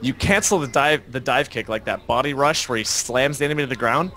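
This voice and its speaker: A man's voice: medium pitch, brisk, pushed and bright. A man co-hosting a casual gaming podcast, explaining fighting game tactics in detail. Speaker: podcast co-host.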